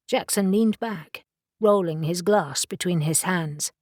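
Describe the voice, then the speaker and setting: Steady and measured, this woman reads an audiobook in a fairly low-pitched voice. The recording is dry and studio quality.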